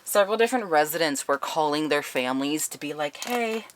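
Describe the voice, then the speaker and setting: Brief: lively, foul-mouthed woman book reviewer, low voice. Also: quick pace. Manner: animated, profane, laughing often.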